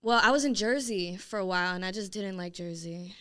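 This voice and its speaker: A woman's voice: medium pitch, fairly quick, a crowd in the background. A woman from Staten Island, chatting casually as a guest on an interview show. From Staten Island, New York. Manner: chatty, lots of "like" fillers. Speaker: guest singer and rapper.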